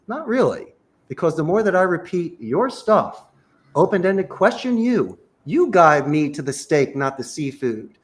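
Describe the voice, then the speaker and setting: High, animated man coaching with emphasis. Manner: emphatic, rapid-fire instructions with rhetorical questions. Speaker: sales trainer.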